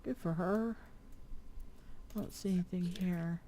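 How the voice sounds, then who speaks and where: A woman's voice: on the low side, a little slow, dark tone, slight background noise. An older woman chatting casually while playing a game with her husband, often reading quest text aloud. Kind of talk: casual gameplay chat.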